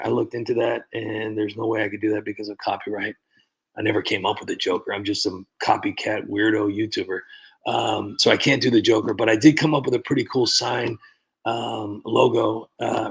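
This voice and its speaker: A man with a gravelly, husky voice talks casually into a desk mic on his livestream. He rambles and restarts his sentences and sighs now and then as he greets his viewers. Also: lowish voice, poor audio. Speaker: livestream host.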